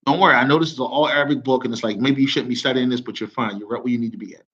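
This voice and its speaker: A man with an American accent teaching an Arabic lesson to a small class, lively and often checking that everyone follows. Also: mid-range voice, racing, highs cut off. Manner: lively, mixes English with Arabic reading, checks understanding often.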